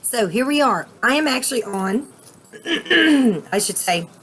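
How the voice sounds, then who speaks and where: A woman vlogging casually outdoors at a cabin, chatty and excitable, rambling with fillers. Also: fairly high pitch, slow pace, a little hiss or hum. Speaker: vape vlogger. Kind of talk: casual vlog chat.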